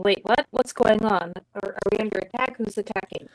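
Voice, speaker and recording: A woman playing a tabletop game, asking quick puzzled questions in character. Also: mid-range voice, no echo, poor audio. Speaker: player. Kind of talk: casual tabletop game play.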